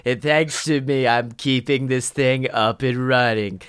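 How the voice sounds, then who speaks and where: A man voicing a talking brain cell with a slow, deliberate stand-up comic cadence. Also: medium pitch, fairly even intonation, fairly bright tone, clear, resonant tone, dry recording, studio quality, close to an everyday voice. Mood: deadpan. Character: chipper male brain cell doing a comedian bit.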